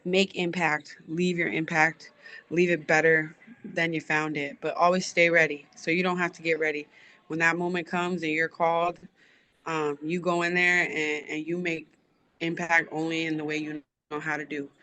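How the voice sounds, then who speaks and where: Woman coach, interview guest; bright, tense tone, earnest and reflective. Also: deep voice, flat delivery, normal speed. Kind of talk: heartfelt interview answers.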